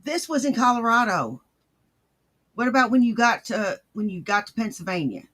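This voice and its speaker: A man's voice: very high voice, sing-song, normal speed, bright, forceful tone. A male commentary host reacting to clips in a crude, profane, sneering manner.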